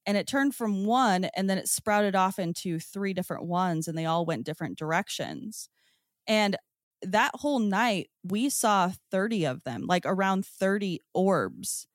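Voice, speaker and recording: A woman of middle pitch, recounting her experience to podcast hosts in relaxed, chatty speech. Her words tumble out eagerly, filled with "like" and small restarts. Her voice sounds close and dry, with no room echo. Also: measured pace. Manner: excited storyteller, peppered with "like" and "um". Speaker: podcast guest. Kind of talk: casual first-person storytelling.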